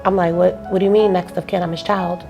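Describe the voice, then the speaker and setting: A young woman tells a personal story to an interviewer in a loose, casual way, full of fillers, acting out each phone call she recounts. Her voice sits low and stays flat, with little rise or fall. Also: fast, creaky, music in the background. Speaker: interview guest.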